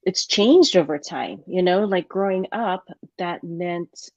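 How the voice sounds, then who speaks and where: Slow, low-voiced woman on a dull dry line. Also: no echo. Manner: slow, thoughtful. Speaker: panelist. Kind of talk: reflective panel answer.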